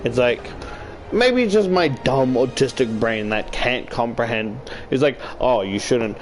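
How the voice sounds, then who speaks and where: A young man from Australia rambling in a casual gaming stream chat, swearing often and getting loud when worked up, talking into a desk mic at home. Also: mid-range voice, unhurried, slight background noise. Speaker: YouTuber. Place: home room while gaming.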